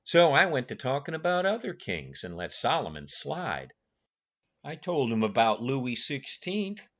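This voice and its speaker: A male audiobook narrator tells the story in the first person with folksy, easygoing delivery. His pitch moves a lot from phrase to phrase. The recording sounds a little dull and lo-fi. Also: a bit bright. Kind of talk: first-person novel reading.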